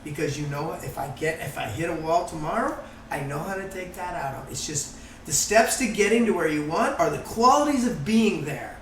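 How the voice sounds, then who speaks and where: A man talking in a casual group conversation, animated and swearing freely as he acts out quotes. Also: a little high, brisk, echoey room, far from the mic, a little hiss or hum, low-quality recording. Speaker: guest, course founder.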